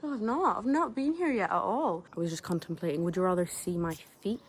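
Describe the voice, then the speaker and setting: Brief: excitable woman, rambling vlog talk, handheld camera outdoors, faint background noise. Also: lowish voice, fairly quick. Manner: chatty, rambling, excitable, slangy. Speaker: vlogger. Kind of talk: casual vlog narration while exploring. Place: outdoors at a ruined castle, rainy.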